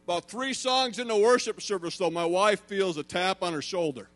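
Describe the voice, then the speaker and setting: A middle-aged man preaches a sermon in a high voice. He tells stories with animation and swells into emphatic preaching. A low electrical hum runs under the recording. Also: normal speed, a bit bright. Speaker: pastor.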